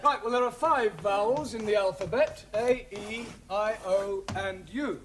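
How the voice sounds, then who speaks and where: An actor playing a patient, wry male English teacher who explains things slowly. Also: high-pitched, a bit bright, some chatter behind, a little hiss or hum.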